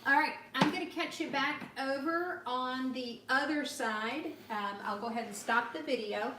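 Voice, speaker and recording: A middle-aged woman giving a chatty, upbeat cooking demonstration and product pitch, talking straight to her viewers from a home kitchen. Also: moderate pace, sharp tone, roomy sound, recorded from a distance, slight background noise. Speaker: cooking demonstrator and sales consultant.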